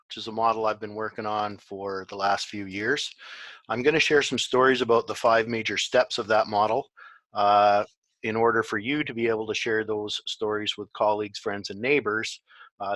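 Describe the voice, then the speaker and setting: A man presenting a webinar in a relaxed way, with many fillers. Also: lowish voice, no room sound. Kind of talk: online presentation.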